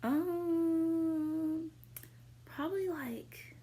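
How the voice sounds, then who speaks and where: A young adult woman vlogger casually answering viewer questions, rambling with lots of fillers and jumping into sudden high squeals. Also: steady tone, extremely slow, dark tone, slight background noise. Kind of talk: casual chat.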